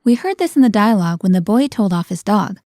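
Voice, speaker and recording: A woman hosting a scripted language-lesson podcast, explaining words clearly and prompting her co-host with questions. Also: medium pitch, very animated, quick pace, a little mellow, no echo, clean studio sound.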